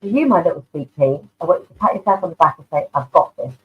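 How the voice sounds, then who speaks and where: A woman's voice: fairly low pitch, lively intonation, very fast. Tinny-sounding chatty woman. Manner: affectionate, chatty, calls people darling. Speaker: tarot card reader. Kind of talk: live online card reading. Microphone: online video stream. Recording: tinny phone-like online audio.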